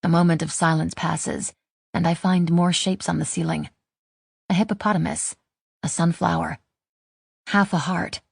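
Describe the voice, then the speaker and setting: A woman's voice: fairly low pitch, steady tone, moderate pace, vocal fry, pauses often, breathy edge, dry recording. A woman narrating a first-person audiobook in a wry, self-deprecating way.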